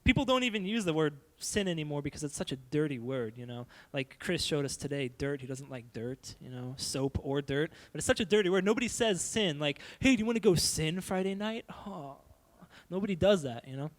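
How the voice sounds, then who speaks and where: Young man, youth pastor, high voice, animated, playful sermon. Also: fairly quick.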